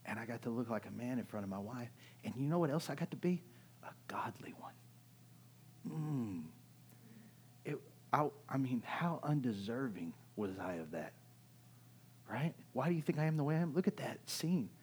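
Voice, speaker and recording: Conversational middle-aged male preacher, low-voiced. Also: slight background noise. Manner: conversational preaching, swinging from loud and urgent to hushed; keeps asking "right?" to the audience. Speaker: pastor. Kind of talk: sermon.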